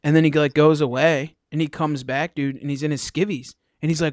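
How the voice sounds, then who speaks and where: A man's voice: on the high side, fast, no echo. Dry-voiced man telling rowdy stories. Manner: animated, slangy storyteller. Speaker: podcast host. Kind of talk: casual storytelling chat.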